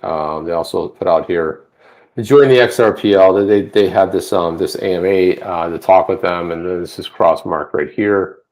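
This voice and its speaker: A man co-hosting a casual livestream chat, rambling with many restarts and getting animated when he rants. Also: deep voice. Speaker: co-host. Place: home office.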